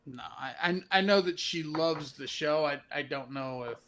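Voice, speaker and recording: Male podcast co-host, playful and emphatic, slightly high pitch. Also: normal speed, a bit bright, a little hiss or hum. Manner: joking, emphatic. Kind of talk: casual podcast chat.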